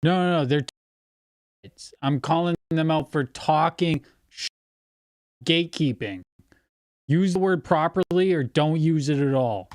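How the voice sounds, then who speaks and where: A man's voice: on the high side, unhurried, long pauses, dry recording, studio quality. A man hosting a livestream in casual chat, blunt and picky about how words get used. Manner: blunt, pedantic about wording. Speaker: livestream host.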